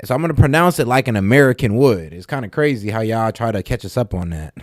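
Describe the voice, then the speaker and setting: A man's voice: mid-range voice, lively intonation, quick pace, no room sound, clean studio sound. A man hosting a reaction video, talking bluntly and with profanity in casual commentary. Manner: blunt and profane, talks straight to viewers.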